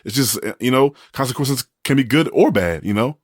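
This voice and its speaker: A man's voice: mid-range voice, lively intonation, moderate pace, no room sound, clean studio sound. A man co-hosting a podcast in casual chat, telling stories with many restarts and the odd joke. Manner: rambling storyteller with many restarts, jokey. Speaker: podcast co-host.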